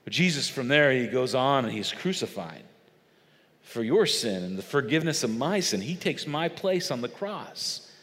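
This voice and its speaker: A male pastor preaching an animated storytelling sermon, emphatic and dramatic. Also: mid-range voice, normal speed, long reverb tail. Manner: animated, emphatic, acts out quotes.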